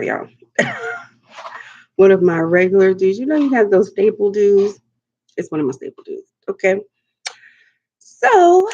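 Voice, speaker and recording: Young adult woman, mukbang host, playful and sassy, slow easy delivery, slightly dull lo-fi stream sound. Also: mid-range voice, a little mellow, breathy edge. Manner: sassy, playful, laughs often, endearments like honey and darling. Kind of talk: live-stream eating chat.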